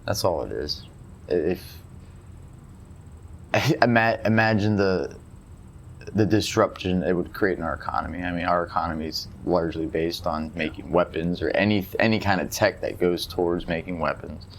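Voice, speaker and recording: A man's voice: low voice, moderate pace, slight background noise. A man co-hosting a talk show, speaking bluntly and with strong opinions. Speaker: podcast co-host. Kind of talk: casual political chat.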